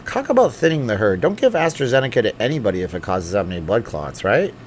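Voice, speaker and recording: A man's voice: lowish voice, sing-song, fast talker, background noise. A middle-aged man hosting a casual late-night livestream from home, reading viewer comments aloud and joking with asides. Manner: chatty and joking, thinks aloud with fillers and asides. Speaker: channel host answering live chat.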